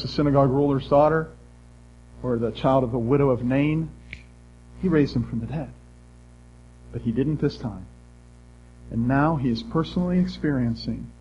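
A middle-aged man preaching a sermon, reading scripture and explaining it earnestly, swinging between loud emphasis and hushed tones. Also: medium pitch, dull audio, slight background noise.

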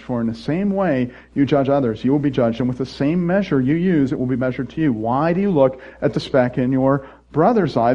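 Preaching as pastor, a middle-aged man with a fairly high voice is playful and animated, leaping from loud mock voices to quiet, earnest asides. The recording sounds muffled.

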